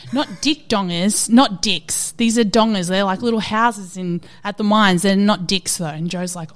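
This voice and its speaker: An Australian fitness coach in her thirties tells stories during a casual interview. Her voice is medium in pitch, and she's animated, often quoting other people.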